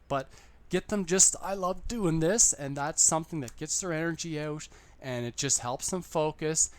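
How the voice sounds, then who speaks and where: Man, slightly high voice, casual how-to talk to camera, upbeat and repetitive. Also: clean tone. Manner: upbeat, chatty, repeats points. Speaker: online English teacher giving tips.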